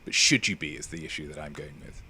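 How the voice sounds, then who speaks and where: A man's voice: fast talker, slightly rough. A man hosting a live-streamed quiz, playful and mock-pompous as he chats with viewers. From England. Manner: playful, mock-pompous, lively swings in pitch. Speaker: quiz host.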